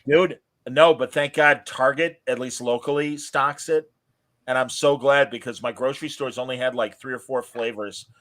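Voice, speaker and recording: A man hosting a podcast in casual chat, telling stories with lively cheering asides. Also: mid-range voice, moderate pace. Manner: animated storyteller, mimics cheering crowds. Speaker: podcast host.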